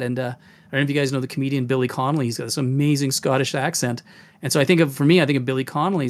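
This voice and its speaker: Casual podcast host, game master, animated, slightly high voice. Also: male voice, rapid-fire. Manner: animated, demonstrative, jumps into voices.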